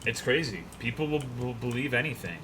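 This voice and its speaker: A man's voice: medium pitch, lively intonation, brisk, background noise. A young man streaming a game, chatting loosely and profanely, rambling and reading chat messages aloud. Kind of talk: casual gaming stream chat.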